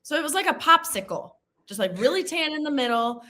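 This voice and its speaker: Bright-voiced woman, playful host. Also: high-pitched, expressive, fairly quick. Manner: playful, self-teasing, chatty. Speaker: show host. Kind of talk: casual interview chat.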